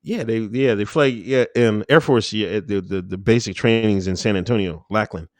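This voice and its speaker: A man's voice: normal speed, no echo. Laid-back man telling stories, dry sound. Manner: laid-back, laughs often, acts out quotes with big pitch jumps. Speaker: interview guest, Air Force veteran. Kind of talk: casual conversational storytelling.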